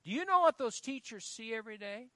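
A middle-aged man preaching in a church, his voice pitched very high for a man and swinging widely in an animated delivery. His tone is bright and forceful, and the sound is close and dry. He presses points hard and pauses to let the congregation call out the next word. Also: no echo. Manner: emphatic preaching, prompting the congregation to fill in words. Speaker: pastor. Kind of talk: sermon.

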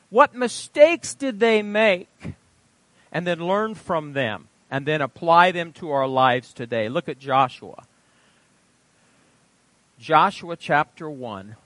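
A man preaching a sermon and reading scripture aloud, with emphatic delivery. He quizzes the congregation in call-and-response and swings between loud proclamation and quiet asides. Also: on the high side, dry recording. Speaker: pastor.

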